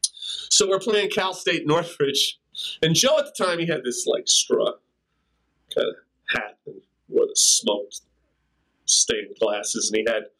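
A man's voice: on the high side, sing-song, slow, pauses often, bright, forceful tone, rough recording. An older man, a drummer and interview guest, telling rambling anecdotes in casual conversation and scatting rhythms. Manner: rambling anecdotes with scat-sung drum rhythms and laughs. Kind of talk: casual storytelling.

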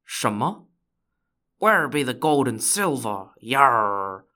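A man's voice: medium pitch, big pitch swings, takes it slowly, bright, forceful tone, exaggerated voice. A man putting on a swaggering male pirate who growls old pirate talk in a comic podcast intro. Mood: blustering.

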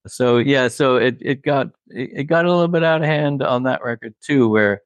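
This medium-pitched man talks at a normal speed, with no echo, as he casually recounts stories from the studio. A record producer, he rambles with lots of "like" and "you know" and laughs at his own anecdotes.

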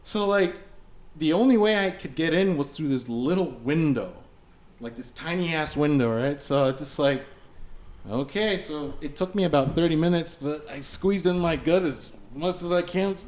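Telling a road story on a podcast, this male musician has a slightly high voice and a normal pace. His casual anecdote is animated and full of swearing and filler words.

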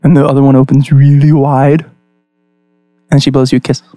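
A young man running a tabletop game as game master, casual and animated, with many fillers. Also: mid-range voice, brisk, no room sound.

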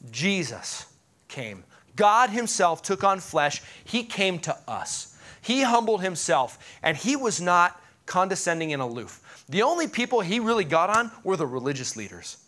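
A man preaches with a high, bright voice. He talks in an animated way, cracks small jokes and asks the congregation questions. When he reads scripture he slows down and drops his voice. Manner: animated, joking asides, pauses to ask the congregation. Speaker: pastor. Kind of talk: sermon.

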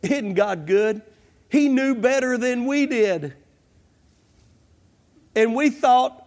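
Fervent pastor, high voice. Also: male voice, slow, a little mellow. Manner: fervent, repeats "come on" and "I'm telling you". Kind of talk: sermon.

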